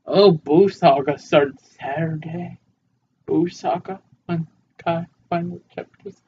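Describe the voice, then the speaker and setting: A man's voice: fairly high pitch, slow, warm tone. A man co-hosting a casual podcast with an easygoing manner and dry wisecracks, recorded with a dull lo-fi sound and faint hiss. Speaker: podcast co-host. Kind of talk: casual chat.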